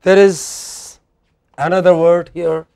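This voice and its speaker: A man with an Indian English accent teaching a classroom lecture, slow and deliberate, often putting questions to the class. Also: high-pitched, level tone, mellow, clear, resonant tone.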